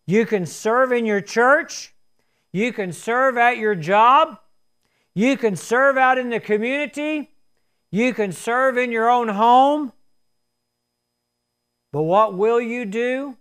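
A man with a fairly high voice preaching a sermon. He talks earnestly and repeats himself, often stumbling and restarting his words as he goes. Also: slow, long pauses, clear, resonant tone. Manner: earnest, repetitive, with frequent restarts.

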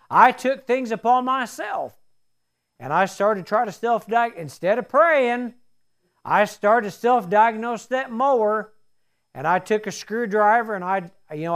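High-voiced folksy preacher man. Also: fairly bright tone. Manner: folksy storytelling with homespun asides. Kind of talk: sermon.

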